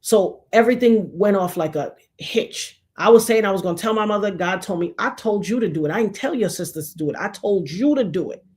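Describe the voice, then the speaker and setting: A woman's voice: mid-range voice, expressive, a little fast, hardly any pauses, darkish tone. Woman w/ telling a wild story, acts out everyone's voices, lots of emphasis. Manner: dramatic, acts out quoted voices, repeats for emphasis. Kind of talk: animated personal storytelling.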